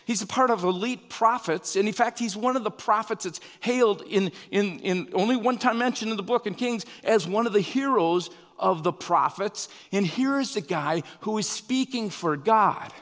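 A man's voice: moderate pace, hardly any pauses. Man preaching in a reverberant hall. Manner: animated preaching, pitch rising and falling with emphasis. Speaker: pastor. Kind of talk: sermon.

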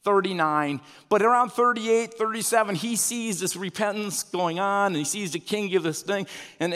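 Male pastor, sermon delivery, slightly high voice, long hall reverb. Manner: animated preaching, pitch rising and falling with emphasis.

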